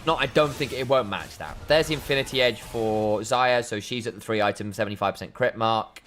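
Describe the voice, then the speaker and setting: A man casting a live esports match, breaking down item choices in detail, chatting with viewers and breaking into excited shouts during fights. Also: on the low side, fairly quick, slight background noise. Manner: analytical, chatty with viewers, bursts of excitement on plays. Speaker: esports caster.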